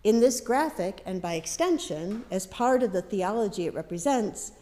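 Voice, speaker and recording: Mellow-voiced woman minister preaching. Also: medium pitch, lively intonation, normal speed. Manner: conversational, with light asides and gentle humor. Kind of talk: sermon. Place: congregation's worship hall. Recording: long reverb of a large hall.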